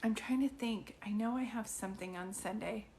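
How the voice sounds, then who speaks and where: A woman doing live psychic readings for viewers, chatty and informal, filling pauses with ums and calling people sweetie. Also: medium pitch, mellow, slight background noise. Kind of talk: livestream chat with viewers.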